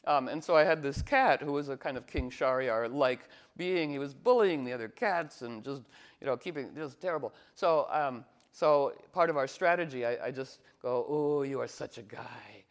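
A man talking in a meandering casual monologue as an astrologer, full of fillers and restarts, animated and playful. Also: medium pitch, moderate pace. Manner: animated, slips into playful cooing voices.

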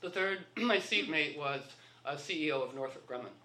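A man's voice: a little high, lively intonation, moderate pace, pushed and bright. A man telling rambling anecdotes in a casual talk, acting out the dialogue of the people in his stories. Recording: echoey room.

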